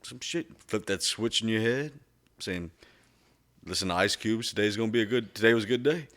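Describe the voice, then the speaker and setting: A man's voice: lowish voice, fairly quick, a bit bright. A man co-hosting a podcast, bantering in a crude, upbeat, joking way. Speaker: podcast co-host. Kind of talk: casual chat.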